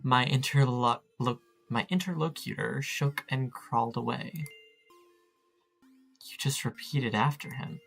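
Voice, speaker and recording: Slow, gravelly-voiced man playing a game. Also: medium pitch, a bit bright, faint music behind. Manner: chatty, self-mocking, reads game text aloud and banters with it. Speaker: gamer playing a text adventure. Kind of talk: casual let's-play commentary.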